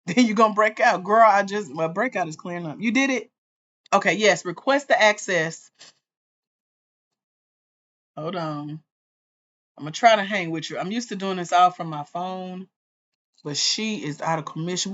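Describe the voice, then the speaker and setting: A woman hosting a livestream as a grants coach, talking straight to her viewers in an excited, chatty way. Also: lowish voice, dull audio. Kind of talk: casual livestream chat.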